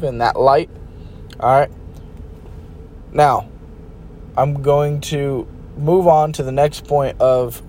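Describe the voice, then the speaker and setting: A man's voice: on the high side, warm tone, a little hiss or hum. A man giving relationship advice in a casual, blunt way, talking to his listeners like buddies. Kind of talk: casual advice talk to camera.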